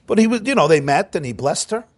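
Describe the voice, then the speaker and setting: A man with a somewhat high voice tells a story to listeners, giving it life with shifts in emphasis and short acted-out exchanges. The sound is close and dry, with almost no room around it. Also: quick pace, no echo. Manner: animated, acts out quoted dialogue with emphasis. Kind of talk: storytelling lecture.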